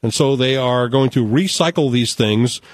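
A middle-aged man hosting a radio quiz show in a studio, brisk and joking as he reads questions to callers. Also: medium pitch, dry recording.

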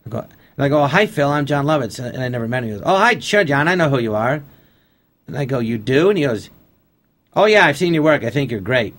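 A man's voice: mid-range voice, animated, quick pace. A man telling stories on radio. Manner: anecdotal, acts out past conversations in quotes. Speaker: guest comedian. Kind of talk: casual storytelling on a radio interview.

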